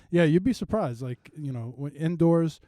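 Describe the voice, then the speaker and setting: A man co-hosts a casual comedy podcast, his voice dark and mellow. He laughs easily and recaps scenes with playful mock voices. The sound is dry and close. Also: a little high, expressive, unhurried, no echo. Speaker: podcast co-host.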